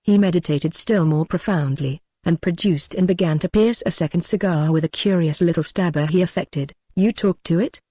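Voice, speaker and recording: A man narrating a classic ghost story as an audiobook, in a measured, even reading. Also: on the high side, no echo, studio quality.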